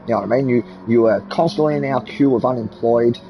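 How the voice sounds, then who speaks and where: A man's voice: mid-range voice, fast, few pauses, dull audio, a little hiss or hum. A man in his forties ranting heatedly in casual voice chat while gaming, swearing a lot. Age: 40s. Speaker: gamer chatting with party.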